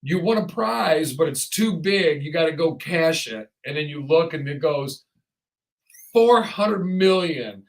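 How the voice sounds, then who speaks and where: A man hosting a casual podcast chat, rambling and animated, often acting out the voices of people he quotes. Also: on the high side, moderate pace, creaky, few pauses, low-quality recording. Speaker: podcast host.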